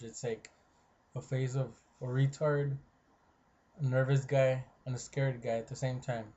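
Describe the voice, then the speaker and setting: A man's voice: mid-range voice, level tone, unhurried, dark tone, dull audio. Young man telling a rambling story. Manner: rambling, quotes friends, many fillers and restarts. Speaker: vlogger. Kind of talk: casual storytelling vlog.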